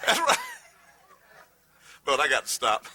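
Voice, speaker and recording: A middle-aged pastor preaching a sermon, building from quiet reading to shouted, humorous emphasis. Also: male voice, mid-range voice, wildly swooping pitch, unhurried, background noise.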